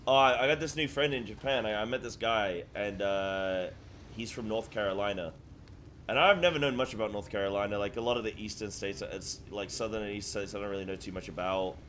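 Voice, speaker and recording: A man's voice: lowish voice, fairly bright tone, a little hiss or hum. A man chatting casually while streaming a game, rambling with many fillers and restarts. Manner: rambling, halting, lots of fillers. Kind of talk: casual live-stream chat.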